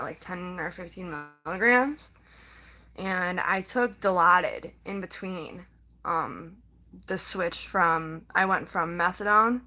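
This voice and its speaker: A woman's voice: on the low side, bright, forceful tone, poor audio. A young woman vlogger talking casually to her viewers, rambling with many fillers and sometimes close to tears. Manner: rambling, halting, full of "like" and "um"; emotional, near tears at times. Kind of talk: casual personal talk to camera.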